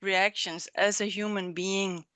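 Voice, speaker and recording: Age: adult. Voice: bright, smooth, slow, dry. Role: woman host. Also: medium pitch, flat delivery, no echo. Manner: slow, hesitant, apologetic restarts. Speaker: webinar host. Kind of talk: conversational interview. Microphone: video call.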